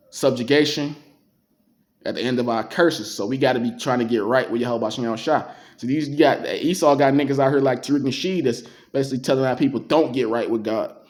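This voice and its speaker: A man giving casual, emphatic religious commentary, slowing down to read verses aloud in a street-casual way. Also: medium pitch, darkish tone. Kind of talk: casual preaching commentary reading scripture.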